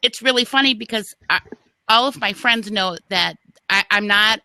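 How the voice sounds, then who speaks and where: A woman from the Midwest with a Midwestern accent and a loud, nasal voice, chatting casually and poking fun at herself. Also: medium pitch, moderate pace, clear, resonant tone. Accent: Midwestern American. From Midwest of the United States. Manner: chatty, self-deprecating. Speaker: guest caller. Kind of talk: casual chat.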